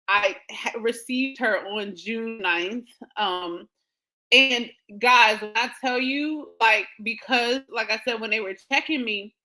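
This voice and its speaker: A woman hosting a show, telling a personal story in a casual, animated way with frequent laughter. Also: a little high, poor audio. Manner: animated, laughing often, quotes others in dialogue. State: emotional, near tears. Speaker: podcast host.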